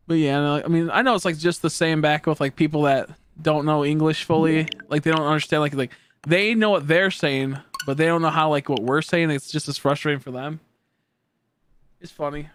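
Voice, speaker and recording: Rambling man, slightly high voice. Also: a bit bright, no echo. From United States. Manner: rambling, leans heavily on "like" and "you know"; chuckles often between remarks. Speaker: livestreamer. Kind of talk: casual chat with live viewers.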